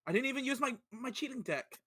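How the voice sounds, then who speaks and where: A man's voice: very high-pitched, expressive, fast talker, sharp tone, husky, no room sound, pitched above the performer's own voice, heavily acted. A man voicing a sly, easygoing male rogue card player.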